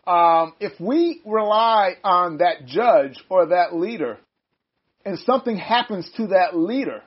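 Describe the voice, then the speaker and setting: An older man leading a casual Bible study, chatty and quick to laugh, often breaking off his own sentences. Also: sits high, animated. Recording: dull lo-fi sound.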